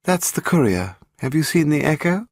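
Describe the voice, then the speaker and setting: An impish, coaxing young wife who teases her husband, pitched well above the reader's own voice, as a man puts her on. The voice is husky and lively, and the recording sounds dry and close. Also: moderate pace, no echo. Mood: keen. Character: playful, teasing young woman, a sleuth's wife.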